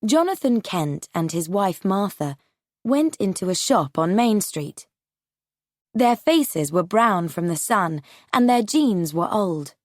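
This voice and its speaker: Slow, expressive woman storyteller. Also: medium pitch, no echo, studio quality. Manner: slow, clear and deliberate. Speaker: narrator. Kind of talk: graded-reader story narration for learners.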